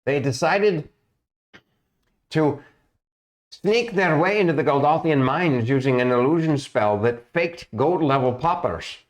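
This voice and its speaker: A man's voice: a little high, lively intonation, a little slow, voice pushed up. A man voicing a worried, long-winded male guild master who stammers as he frets.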